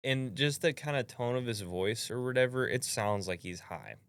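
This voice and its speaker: A man's voice: medium pitch, animated, moderate pace, fairly bright tone, smooth. A man hosting a podcast in casual chat, laid-back and laughing often as he wraps up the episode. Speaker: podcast host.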